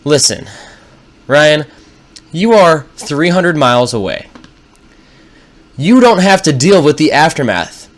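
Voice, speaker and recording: A man voicing his exasperated, stern older father scolding him over the phone, in a deliberate, patient tone. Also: a little high, very animated, voice pushed up.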